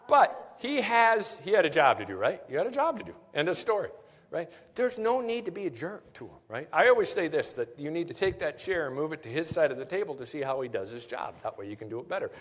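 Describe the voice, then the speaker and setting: A man giving a conference talk, his pitch rising and falling as he jokes and tells stories between technical points. He keeps tossing "right?" at the audience. The sound carries a long reverb tail from the large hall. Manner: jokey, storytelling, keeps asking "right?". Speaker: tax seminar presenter. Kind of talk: live conference lecture.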